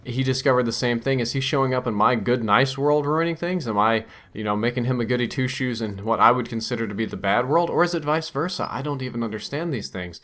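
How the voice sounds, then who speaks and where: A man's voice: medium pitch, a bit bright. A young man telling a strange dream over gameplay as a channel host, musing and wondering aloud.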